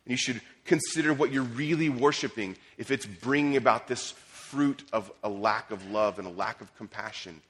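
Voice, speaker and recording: A man's voice: medium pitch, normal speed, hardly any pauses, a bit bright, slightly rough. A man preaching a sermon as pastor, conversational, with restarts and casual asides. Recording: long hall reverb.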